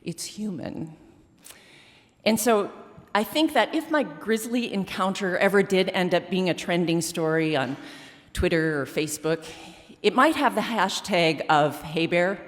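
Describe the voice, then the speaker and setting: A woman's voice: fairly low pitch, lively intonation, measured pace. A woman performing a comic, self-mocking personal story on a theater stage before a live audience. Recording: reverberant theater hall.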